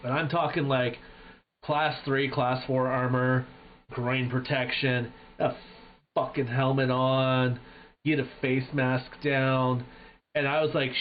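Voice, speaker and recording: A man streaming live, telling a gaming story in casual chat with animated, profane energy. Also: medium pitch, slow pace, slight background noise. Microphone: headset. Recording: dull lo-fi stream audio.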